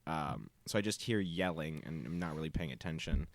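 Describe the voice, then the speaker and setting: A man's voice: extremely low pitch, expressive, brisk, no echo. A man co-hosting a podcast, telling a story casually with many ums and acted-out quotes. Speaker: podcast co-host.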